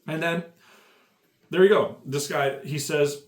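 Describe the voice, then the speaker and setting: A man's voice: fairly high pitch, slow pace. Rambling, cursing man ranting with echo. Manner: rambling, profane, heavy on "like" and "uh" fillers. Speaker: MMA commentary YouTuber. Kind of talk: casual rant commentary.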